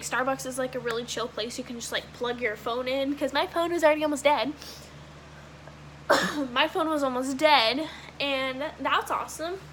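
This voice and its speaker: A young woman vlogger from Washington state with a high, bright voice tells a long story in a loose, rambling way. She leans on fillers and curses casually. A faint hiss sits under the recording. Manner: casual, rambling, heavy use of "like", swearing. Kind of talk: storytime vlog.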